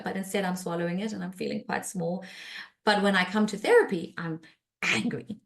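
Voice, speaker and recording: A woman therapist talking casually on a podcast, conversational with many fillers and restarts, and acting out quoted speech in lively voices. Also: lowish voice, a little fast.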